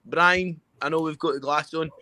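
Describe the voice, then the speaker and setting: A man with a Glaswegian Scottish accent, tipsy, taunting and swearing loudly as a rowdy guest on a comedy podcast. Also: fairly high pitch, fairly even intonation, moderate pace. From Scotland. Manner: brash, profane, taunting. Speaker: call-in guest.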